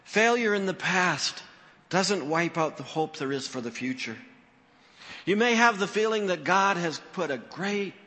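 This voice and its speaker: A man's voice: high-pitched, expressive, measured pace, pushed and bright, in a large hall. A man preaching a sermon as pastor, telling the story expressively and acting out the quoted voices.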